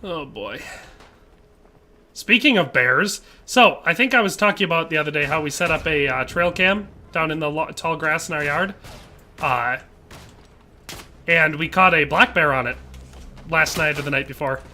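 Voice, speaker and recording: A man's voice: on the high side, normal speed, pauses often, sharp tone, slight background noise. A man, chatting casually and rambling with jokes while streaming a game and reading chat aloud. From Wisconsin, USA.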